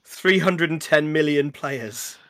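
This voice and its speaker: A man's voice: on the high side, slow, a bit bright. A man co-hosting a podcast in casual chat. He is wry and questioning, and lays out facts plainly. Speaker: podcast co-host.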